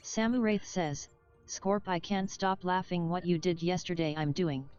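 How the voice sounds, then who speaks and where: A synthetic woman's voice reading viewers' chat messages aloud in a flat, mechanical way. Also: fairly low pitch, unhurried, smooth, highs cut off, soft background music. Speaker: text-to-speech chat reader.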